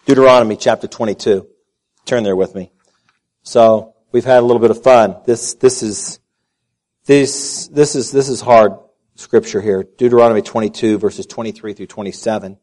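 Animated male preacher from Texas. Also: lowish voice, a little fast. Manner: animated storyteller, repeats words while speaking. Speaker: pastor. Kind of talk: sermon with personal story.

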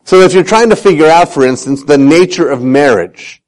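This preacher's voice is a little high and his speed normal, though the recording is rough. His animated sermon mixes Bible stories and jokes at his own expense, and he performs the voices of those he quotes.

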